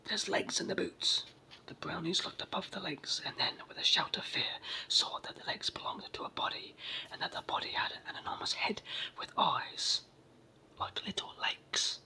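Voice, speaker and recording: A storyteller with a sore throat and cold reading a children's story aloud in a soft, measured whispered role-play. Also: mid-range voice, poor audio.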